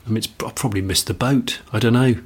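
A middle-aged man from England talks in a husky, mid-pitched voice, rambling with enthusiasm. His casual podcast chat is full of restarts and asides. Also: fast talker. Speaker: podcast co-host.

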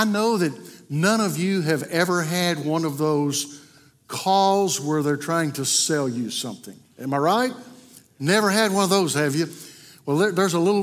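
A man with a Kentucky accent, preaching an earnest, story-driven sermon in a church. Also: on the high side. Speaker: guest preacher. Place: church sanctuary. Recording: long church hall reverb.

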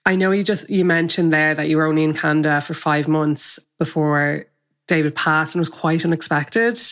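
Low-voiced woman gently interviewing. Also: level tone, moderate pace. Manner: gentle, reassuring questions. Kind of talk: podcast interview.

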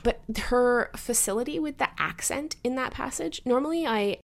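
A woman co-hosting a casual book discussion, chatty and animated, laughing often and filling her talk with "like". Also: sits high, moderate pace, vocal fry. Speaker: book podcast co-host.

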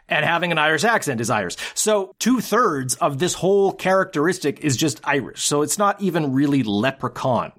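A man's voice: mid-range voice, a bit bright. A man co-hosting a podcast in casual chat, recapping a plot in a heated, ranting way. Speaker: podcast co-host.

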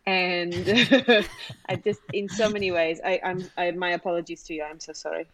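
A woman improvising a deadpan female retail manager who fires staff with mock earnestness. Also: fairly low pitch, moderate pace, a little hiss or hum, close to an everyday voice. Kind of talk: improvised comedy character.

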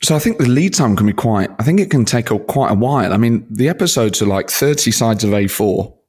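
A male comedian and impressionist chatting in an interview, excitable and self-deprecating, laughing often. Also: mid-range voice, brisk, breathy edge. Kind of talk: casual interview chat.

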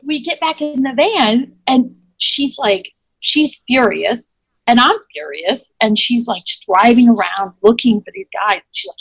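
A woman's voice: fairly high pitch, unhurried, husky, no echo, low-quality recording. A woman, an improv actor, telling a wild personal story in a chatty way, full of "like" and acted-out quotes. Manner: chatty, lots of "like", acts out quotes. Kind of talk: animated personal anecdote.

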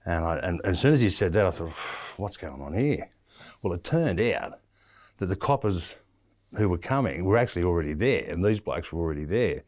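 A man's voice: low-pitched, big pitch swings, a little fast, darkish tone, no echo. An Australian man telling a long story in an interview, rambling with lots of ums and restarts. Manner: rambling, many fillers and restarts. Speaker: interview guest. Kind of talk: casual storytelling.

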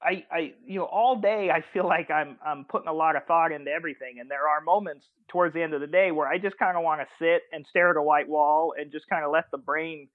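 A man talks in a loose, rambling way, often putting himself down. His voice sits a little high for a man. The sound is dull and lo-fi, dry and close. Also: fairly even intonation, fast, hardly any pauses, dry recording. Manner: rambling, self-deprecating and chatty. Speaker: guest. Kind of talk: casual chat.

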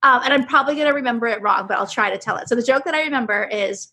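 A woman's voice: on the high side, racing, few pauses, pushed and bright, husky. A woman podcast host chatting casually with friends, telling jokes and laughing often. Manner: giggly, tells jokes with lots of laughter. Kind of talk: casual group chat.

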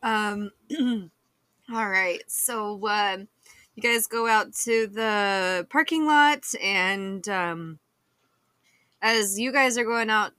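A woman running a tabletop game who laughs often and fills her narration with "like" and "um". She speaks slowly in a bright, forceful voice. It is recorded close, with a dry sound. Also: mid-range voice, no room sound. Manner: giggly, filler-heavy narration. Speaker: game master.

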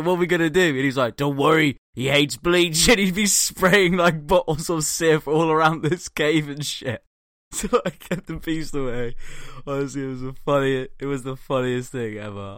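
A man, co-hosting a podcast and telling animated, blunt anecdotes with plenty of swearing. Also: mid-range voice, normal speed, no room sound, studio quality. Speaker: podcast co-host. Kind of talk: casual chat.

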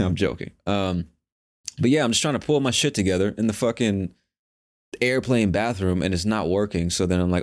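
In a lowish, slightly fast voice, a podcast host tells a personal story in a casual monologue, candid and profane, laughing at himself.

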